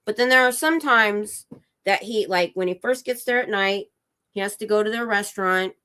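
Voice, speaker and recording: A woman's voice: medium pitch, fairly bright tone. Woman rambling through a story. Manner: rambling, breaks off to check details with her husband. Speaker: livestream host. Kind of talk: casual storytelling chat. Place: at home.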